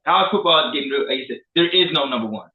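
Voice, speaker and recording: Animated trash-talking man, echoey lo-fi sound. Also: a little high, rapid-fire. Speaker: co-host. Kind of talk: casual sports talk. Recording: echoey room, phone-like lo-fi.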